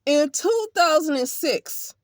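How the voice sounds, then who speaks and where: A woman's voice: high voice, animated, takes it slowly, no echo. A woman from Alabama, an occupational therapist talking bluntly and emphatically in a casual vlog monologue, with some profanity.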